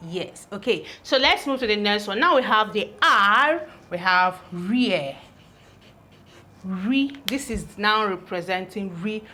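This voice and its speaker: A woman's voice: mid-range voice, unhurried, few pauses, pushed and bright. A woman teaching English pronunciation, sounding out letters and repeating each word several times. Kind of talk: slow, deliberate classroom teaching.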